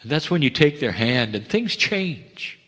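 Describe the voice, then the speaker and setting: A man speaks a channeled spiritual message at a middle pitch, unhurried and heartfelt, breaking his thoughts into short phrases. He lifts some lines with emphasis and sinks others to a near hush. His voice carries a long hall reverb. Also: sing-song. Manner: swings between raised emphatic lines and hushed low ones.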